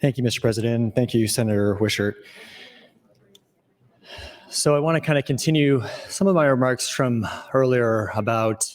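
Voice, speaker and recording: A man state senator giving a reflective floor speech, pausing as he searches for his words. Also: medium pitch. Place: legislative chamber.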